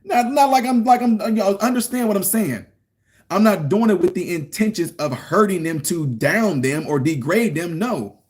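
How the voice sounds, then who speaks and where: A man's voice: high voice, expressive, normal speed, a little mellow. A middle-aged man giving a casual commentary rant, emphatic and preachy, repeating his points. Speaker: political commentary vlogger.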